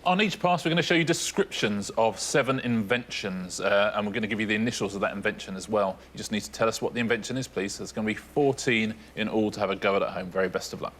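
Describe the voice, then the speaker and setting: A man co-hosting a television quiz show in a studio, with dry, quick asides. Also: fairly low pitch, a bit bright, slight background noise.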